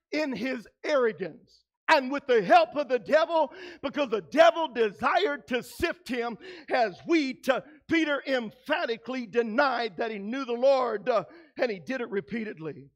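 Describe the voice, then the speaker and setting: High-voiced man preaching emphatically. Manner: emphatic preaching, rising to shouts; acts out quoted voices in his own voice. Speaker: pastor. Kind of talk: sermon.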